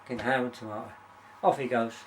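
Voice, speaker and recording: A man's voice: medium pitch, fairly even intonation, fast talker, slight background noise. Crude man telling jokes. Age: middle-aged. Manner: crude, laughing at own jokes. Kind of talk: casual joke telling.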